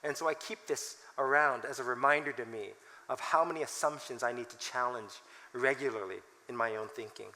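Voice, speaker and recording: A man in his forties giving an animated, self-mocking talk with laughs, also reading scripture aloud. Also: mid-range voice, brisk, big-room sound, poor audio. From United States. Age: 40s. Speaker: conference speaker.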